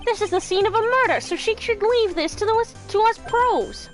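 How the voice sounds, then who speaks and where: A woman's voice: very high-pitched, moderate pace, soft background music, pitched above the performer's own voice. A woman voicing a bumbling male police detective who blusters and calls everyone pal. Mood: blustering. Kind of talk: game voice reading.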